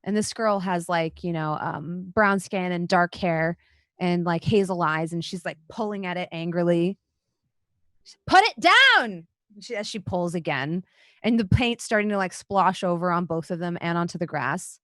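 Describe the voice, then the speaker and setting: A woman's voice: lowish voice, moderate pace, dry recording. Brief: casual woman game master, descriptive narration, dry mic. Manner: casual, descriptive, many fillers. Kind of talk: narrating a tabletop role-playing game. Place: home, online session.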